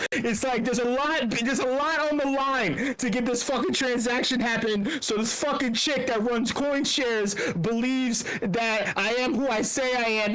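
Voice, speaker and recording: A young man hosts a meetup, and his voice sits high for a man. He rambles in crude, joking commentary, swears a lot and keeps restarting his sentences. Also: a bit bright. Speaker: meetup host.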